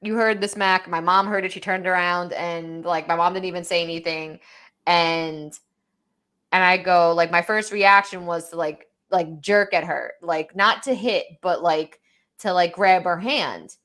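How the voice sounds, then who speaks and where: A woman's voice: lowish voice, unhurried, fairly bright tone. A young woman co-hosting a casual podcast, telling a parenting story with many "like"s and quoted lines. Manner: storytelling, quoting her toddler with lots of "like". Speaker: podcast co-host. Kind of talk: casual chat.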